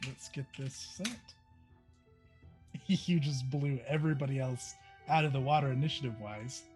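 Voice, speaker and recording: A man running a tabletop game as game master, relaxed, explaining the rules step by step. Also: medium pitch, moderate pace, faint music behind.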